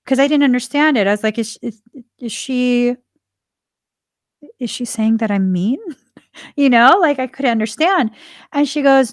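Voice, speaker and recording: Casting note: bright-voiced woman podcast host, chatty, close dry mic. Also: high voice, normal speed, pauses often, no echo. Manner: chatty, laughs often, acts out quoted dialogue. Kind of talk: casual spiritual talk.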